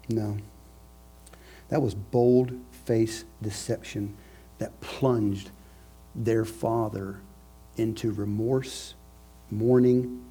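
A man preaching a sermon, emphatic and repetitive, swinging between loud declarations and hushed phrases, with a husky voice. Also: lowish voice.

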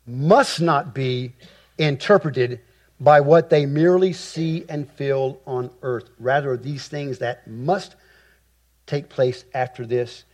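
A man preaching an expository sermon, with emphatic rhetorical repetition and deliberate phrasing. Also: mid-range voice, a little mellow. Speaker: pastor.

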